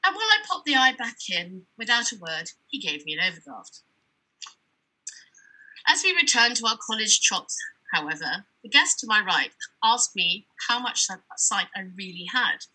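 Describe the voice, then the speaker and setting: A woman's voice: mid-range voice, very animated, moderate pace, bright, forceful tone, breathy edge, low-quality recording. A woman giving a chatty, digressive conference talk as an author, reading from her book between asides.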